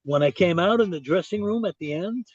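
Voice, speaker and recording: A man's voice: high voice, brisk, slightly rough, no room sound. Older Québécois man telling a story. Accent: Québécois French. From Quebec, Canada. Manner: animated storyteller, many restarts and "I said". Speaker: guest. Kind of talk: storytelling interview. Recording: dull, lo-fi dry sound.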